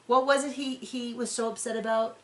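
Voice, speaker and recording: A woman's voice: fairly high pitch, fairly even intonation, brisk. A woman hosting a podcast, recapping a reality show in casual, opinionated chat with frequent restarts. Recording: roomy echo.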